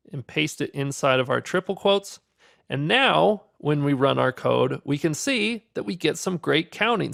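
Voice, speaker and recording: A man walks beginners through a programming lesson, upbeat and patient as he explains each step. His voice sits a little high, with a gravelly fry running through it. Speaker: programming instructor. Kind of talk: screen-recorded coding tutorial.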